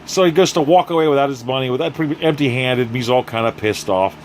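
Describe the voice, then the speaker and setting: A man's voice: medium pitch, fast, a little hiss or hum. A man recapping a TV episode in a casual comedy style, with profane, sarcastic ranting. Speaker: YouTube show reviewer.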